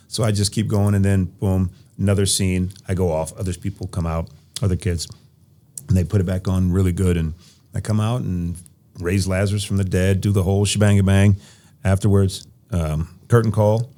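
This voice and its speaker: Deep-voiced man telling stories on a podcast. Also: normal speed. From Nebraska, USA. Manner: animated storyteller, laughs while telling stories. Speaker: podcast guest. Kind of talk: casual interview storytelling.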